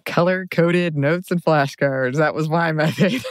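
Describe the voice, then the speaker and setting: A woman co-hosting a podcast, easygoing and quick to giggle. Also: low-pitched, dry recording, clean studio sound. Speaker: podcast co-host. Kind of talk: casual chat.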